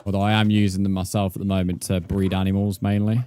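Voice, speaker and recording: A man's voice: low voice, level tone, fast talker, dark tone, faint music behind. A man, chatting casually with viewers while he plays a game on a livestream and calling them mate. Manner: laid-back, chatty, calls viewers mate. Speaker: game streamer.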